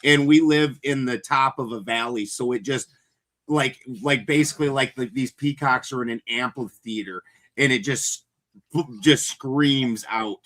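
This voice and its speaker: A man's voice: mid-range voice, measured pace, fairly bright tone. A man in casual chat, telling loose, rambling stories and swearing freely.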